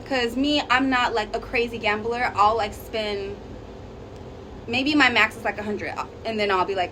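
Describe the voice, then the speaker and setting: Woman vlogger, high voice, chatty storytime delivery, faint room hum behind. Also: normal speed, low-quality recording. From Arizona, USA. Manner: chatty, animated, lots of fillers. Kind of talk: casual storytime.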